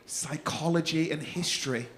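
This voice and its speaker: High-voiced man doing stand-up crowd work. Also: a bit bright. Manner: teasing, sweary, quick-fire banter. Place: comedy club stage. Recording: live club recording with crowd noise. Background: audience laughing.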